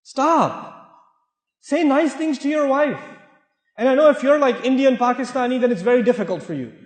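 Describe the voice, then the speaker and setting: A man's voice: extremely high pitch, normal speed. A man giving a sermon to a live audience, direct and joking, repeating points for emphasis. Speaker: speaker giving a talk. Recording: echoey hall, long reverb.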